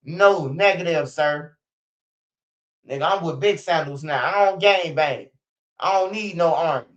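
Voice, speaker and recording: Male streamer, high voice, profane and animated commentary, lo-fi sound. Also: a little slow. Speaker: streamer commenting on street news. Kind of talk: casual live-stream commentary. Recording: dull lo-fi stream audio.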